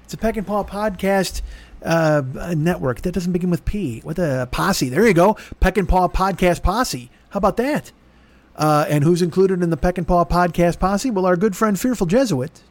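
Man, podcast host, slightly high voice, rambling comic monologue, profane, self-mocking, dry close sound. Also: normal speed, dry recording.

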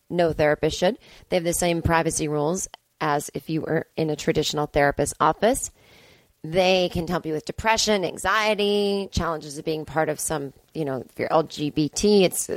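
A woman with a low, hoarse, strained voice, hosting a podcast in a casual, rambling way. She drifts between chat and an ad read and slips into cooing baby talk. The recording is dry and close. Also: dry recording. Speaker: podcast host. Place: sister's home, indoors.

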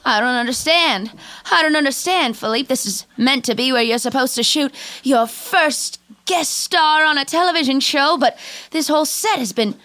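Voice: high-pitched, normal speed, few pauses, pushed and bright. A woman with a mid-Atlantic accent voicing a vain old-Hollywood movie star mother, grand and theatrical, in an improv comedy scene. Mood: puzzled.

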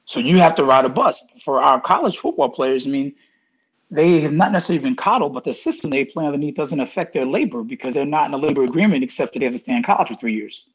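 A man's voice: a little high, animated, fast, breathy edge, low-quality recording. A man in his fifties, an interview guest talking casually and emphatically, repeating key phrases for stress. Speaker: interview guest, college athletics administrator.

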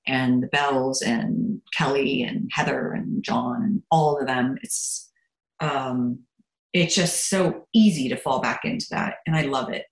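A middle-aged actress chatting as a podcast guest, animated and quick to laugh, turning soft and quiet when she talks about her children. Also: extremely low pitch, vocal fry, reverberant, low-quality recording. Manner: animated, laughs a lot, swings between giddy and soft. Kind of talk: casual interview chat.

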